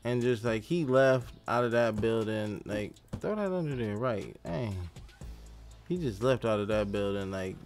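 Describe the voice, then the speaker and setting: A man's voice: fairly low pitch, lively intonation, measured pace, darkish tone, faint music behind. A man hosting a gaming channel, telling a rambling, profane story in casual chat while he plays. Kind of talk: casual gameplay commentary and storytelling.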